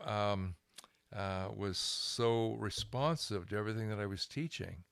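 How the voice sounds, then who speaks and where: An older man, a guest minister, telling a lively anecdote in an interview, chuckling and restarting his phrases. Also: on the low side, smooth, dry recording. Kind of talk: storytelling interview.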